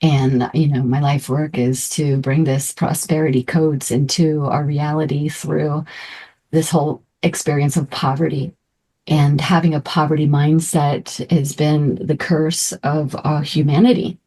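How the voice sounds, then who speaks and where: A middle-aged woman coaches a spiritual group in a slow, unhurried flow. Her voice sits low for a woman. She is effusive and emotional, and now and then drops into soft, breathy asides. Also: level tone. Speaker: meditation and manifestation coach.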